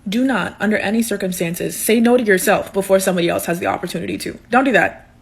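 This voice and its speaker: A woman's voice: mid-range voice, fast talker, vocal fry, slightly rough. A woman giving earnest, urging college advice straight to the viewer. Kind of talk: direct-to-camera advice.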